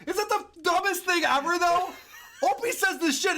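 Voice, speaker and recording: A man's voice: extremely high pitch, normal speed, sharp tone. A man hosting a podcast, mocking a radio clip in a profane, sarcastic, casual way. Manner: profane and sarcastic, laughing often. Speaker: podcast host.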